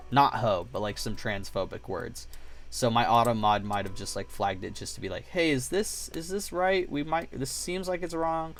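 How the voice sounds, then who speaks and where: A man chatting casually on his livestream while building models, telling rambling stories, acting out voices and sound effects, and swearing freely. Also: on the low side. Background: faint music playing.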